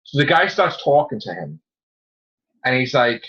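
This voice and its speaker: Excitable swearing man, muffled lo-fi sound. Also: medium pitch, moderate pace. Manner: excitable, rambling, swears a lot, retells scenes. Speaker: podcast host. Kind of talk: casual comic book chat. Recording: dull lo-fi recording.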